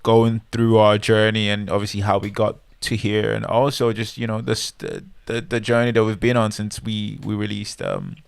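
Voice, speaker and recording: A man's voice: fairly low pitch, expressive, normal speed, gravelly, few pauses, smooth, no echo. A man co-hosting a podcast, speaking earnestly in casual chat, hesitating with frequent ums. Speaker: podcast co-host.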